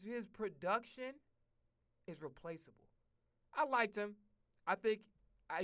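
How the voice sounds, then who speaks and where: A man's voice: fairly high pitch, pushed and bright, clear, resonant tone. A man streaming a casual football rant, blunt and profane, full of slang and repeated phrases. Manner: profane, blunt, heated ranting.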